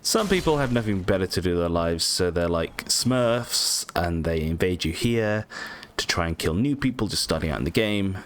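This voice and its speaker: A man's voice: sits low, lively intonation, moderate pace, few pauses, slight background noise. A man giving casual, rambling let's-play commentary, with lots of ums, casual swearing and self-mockery. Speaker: gaming channel host.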